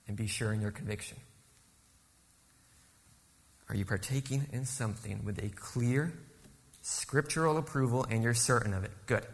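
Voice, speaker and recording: A man's voice: medium pitch, fairly bright tone, big-room sound. A man preaching a sermon as guest speaker, asking the congregation rhetorical questions and then answering them. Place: church sanctuary.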